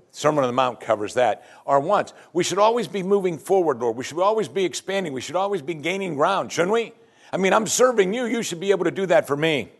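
A man preaching a sermon as pastor, teaching from scripture and acting out the prayers of his listeners. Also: a little high. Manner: animated preaching, acts out prayers in quoted voices.

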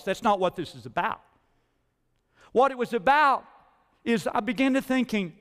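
A male pastor preaching a sermon in a church, moving between quiet asides and loud, rising declarations. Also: a little high, smooth, big-room sound. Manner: dynamic preaching, swinging from soft asides to loud climbs. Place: church sanctuary.

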